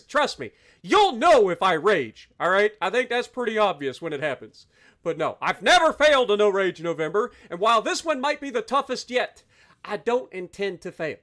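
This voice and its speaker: A man live-streaming a game, talking to his chat and thanking donors with loud, exaggerated reactions. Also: fairly high pitch.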